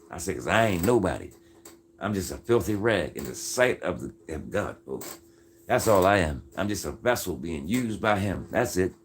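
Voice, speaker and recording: Very animated and low-pitched, a man moves at a moderate pace through viewer comments on his casual faith-based livestream, with a little hiss or hum in the background. He sounds earnest and folksy, pushing his points like a preacher and leaning on "folks" and "man."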